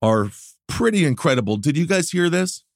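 A man's voice: on the high side, sing-song, normal speed, no room sound, clean studio sound. A man hosting a podcast, giving sarcastic, joking political commentary with plenty of filler words. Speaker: podcast host. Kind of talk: comedic political chat.

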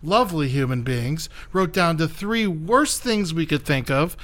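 A man's voice: fairly high pitch, lively intonation, a little slow, a bit bright. A man co-hosting a comedy podcast, goofy and rambling, laughing a lot. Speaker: podcast co-host. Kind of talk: casual comedy banter.

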